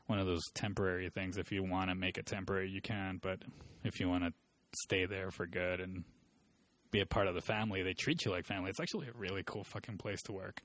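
A man's voice: sits low, fast, no room sound. A man telling rambling, profane work stories in casual chat. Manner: profane, rambling, animated storytelling.

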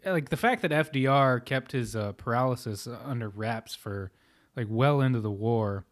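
A man's voice: mid-range voice, moderate pace. Crude joking man in casual chat. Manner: crude, joking, lots of "like" fillers. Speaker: podcast co-host.

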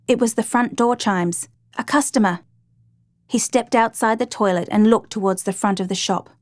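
A woman narrating a true crime story in a steady, measured reading voice. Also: fairly high pitch, no room sound.

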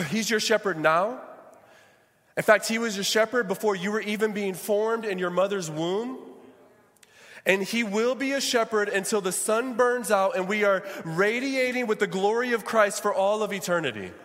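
Male pastor, high voice, preaching in a church hall with long reverb. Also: moderate pace, a bit bright. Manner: preaching with call-and-response to the congregation. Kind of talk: sermon.

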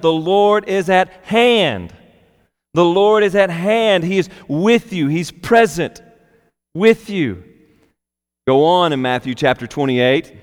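A man preaching a sermon as a pastor, slow and emphatic, repeating key phrases for weight. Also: a little high, clean tone. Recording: long hall reverb.

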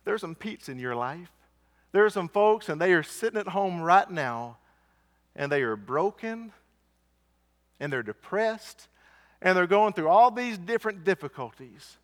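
A man with a high voice preaches a sermon, earnest and insistent. He asks his listeners questions and repeats key lines for weight. His voice rings out with a long reverb. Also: expressive, measured pace, pauses often, fairly bright tone. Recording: church hall reverb.

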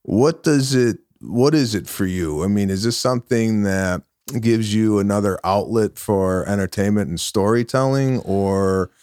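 A man, a comedian guest on a podcast, chatting casually in a halting, easygoing way with many fillers. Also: lowish voice, darkish tone, clean tone, no echo, studio quality. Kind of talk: casual chat.

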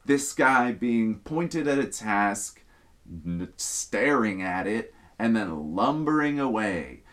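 A man's voice: fairly low pitch, slow. A young man hosting a podcast, casually telling a workplace story with lots of swearing. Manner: profane, animated storytelling. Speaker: podcast host.

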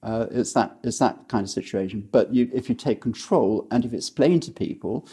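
A man giving property-selling advice in an interview, speaking in a measured way with many hesitations and restarts. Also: medium pitch, warm tone, husky. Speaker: guest, property sales expert. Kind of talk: conversational interview.

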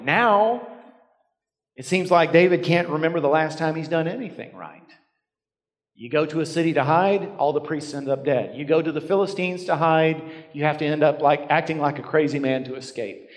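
Pastor preaching in a big echoing hall. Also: male voice, on the high side, moderate pace. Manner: storytelling, dropping to near whisper for emphasis. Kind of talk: sermon. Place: church sanctuary. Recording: long reverb of a large hall.

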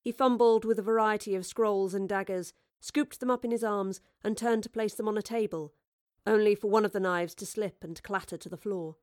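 Woman audiobook reader, measured storytelling, mid-pitched voice, dry close-miked sound. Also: fairly even intonation, a little mellow, dry recording. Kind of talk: scripted narration.

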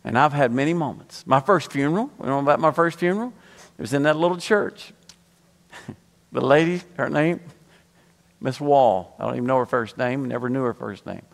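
A middle-aged man preaching a sermon as pastor, telling humorous stories with laughter and then dropping low and soft for earnest points. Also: moderate pace, vocal fry. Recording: long hall reverb.

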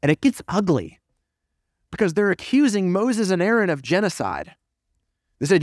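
Man preaching a sermon, animated with dry jokes, voice sits a little high, dry close sound. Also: brisk, no echo. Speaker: pastor. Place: church sanctuary.

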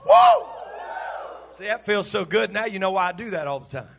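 A man preaching a sermon to his congregation in church, fervent and shouting at its peaks, then dropping into casual joking asides. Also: sits high, lively intonation, fast talker, creaky, a faint crowd. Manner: impassioned preaching that builds to shouts. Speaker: pastor.

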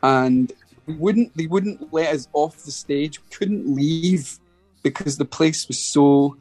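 A man's voice: a little high, takes it slowly, darkish tone, no echo, soft background music. A middle-aged Scottish man telling a rambling story as a guest in a casual interview, often restarting his sentences. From Scotland. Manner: rambling, full of restarts and acted quotes. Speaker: guest musician.

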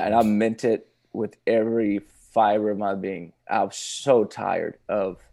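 A man, a pastor telling his personal testimony in casual conversation, halting with many restarts and laughing now and then. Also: fairly low pitch, creaky, dark tone.

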